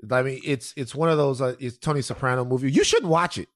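A man's voice: mid-range voice, quick pace, no room sound, clean studio sound. A man co-hosting a podcast, talking in a casual, opinionated way. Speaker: podcast co-host. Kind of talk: casual chat.

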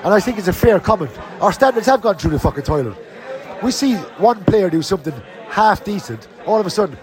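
A man's voice: high voice, sing-song, fast talker, a crowd in the background. A man giving a blunt, sweary, frustrated rant as a fan podcast host after a match. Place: outdoors and in a bar around the match.

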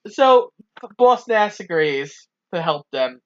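A man's voice: high voice, big pitch swings, slow pace, muffled recording. A man co-hosting a casual movie recap, easygoing as he walks through the plot. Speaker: podcast co-host.

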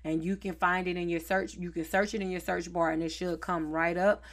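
A woman's voice: fairly low pitch, flat delivery, brisk. Chatty Southern woman podcast host. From North Carolina, US. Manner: chatty, easygoing, slangy. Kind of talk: casual podcast chat.

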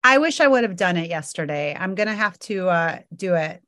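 Low-voiced woman reminiscing casually. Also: animated, fairly quick, pushed and bright, dry recording, clean studio sound. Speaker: podcast co-host. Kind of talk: casual chat.

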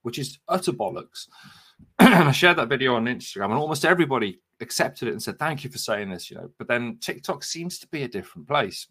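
Man, middle-aged, podcast co-host, rambling casual chat, medium pitch. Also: expressive, brisk, sharp tone, husky. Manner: rambling, self-interrupting storyteller.

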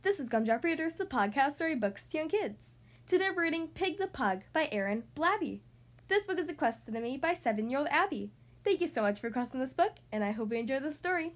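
A woman hosting a podcast and reading a picture book aloud to young kids, in a cheerful, expressive, sing-song manner. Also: sits high, brisk. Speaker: podcast host and storybook reader.

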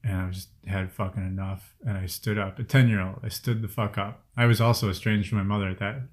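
A man in his thirties from the Chicago area, telling personal stories in a casual group conversation, cursing often and getting louder as he gets angry. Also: on the low side, fairly even intonation, brisk. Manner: profane, heated storytelling, voice rising when angry. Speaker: guest sharing personal stories.

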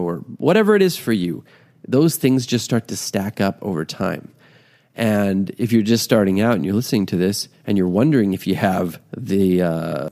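A man hosting a podcast, talking in a put-on extra-low, quiet voice in a rambling, encouraging way. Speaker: podcast host. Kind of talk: casual talk.

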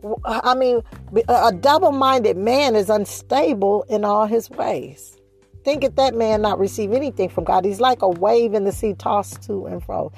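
Gravelly woman preaching a sermon. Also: mid-range voice, normal speed, a little mellow, faint music behind. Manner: preaching with shifting pace, rising emphasis and repeated phrases.

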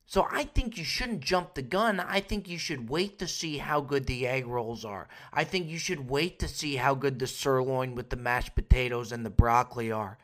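A man's voice: mid-range voice, moderate pace, few pauses, a bit bright. Crude, rambling man hosting a comedy podcast. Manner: crude, rambling, joking storytelling. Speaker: podcast host. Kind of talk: casual comedic rant.

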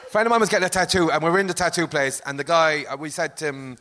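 A man's voice: a little high, very fast, a little hiss or hum. A middle-aged Irish man with a Limerick accent, telling comic anecdotes in casual chat and acting out the voices of people in them. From Ireland. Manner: animated, acts out voices in anecdotes. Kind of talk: casual comedic storytelling.

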